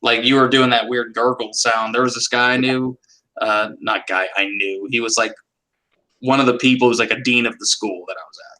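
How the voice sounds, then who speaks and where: A man's voice: medium pitch, fairly even intonation, a little fast, pushed and bright, low-quality recording. A man chatting as a podcast panelist, telling profane, rambling stories. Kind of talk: casual chat.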